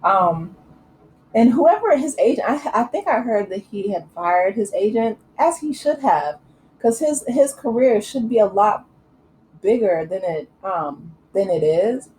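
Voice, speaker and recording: A woman talking to her channel in a loose, opinionated way, full of fillers and side remarks. Her voice is mellow and rounded, sitting at an ordinary middle pitch. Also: lively intonation, unhurried, slight background noise, poor audio. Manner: chatty and opinionated, many fillers and asides. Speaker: channel host. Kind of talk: casual commentary vlog.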